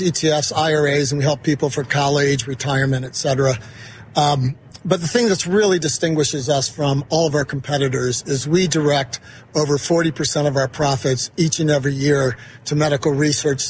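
A man's voice: fairly high pitch, fairly even intonation, brisk, a little hiss or hum. A man who runs an investment firm, chatting as a guest in a casual interview and telling stories with lots of fillers. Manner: chatty, storytelling with many fillers. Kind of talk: casual interview at a golf tournament. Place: outdoor broadcast studio at a golf event.

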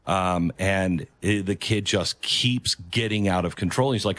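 His voice is deep and a bit bright, unhurried, and free of echo. As a commentary show host giving his opinion on a video clip, he talks earnestly and emphatically, repeating his main phrases.

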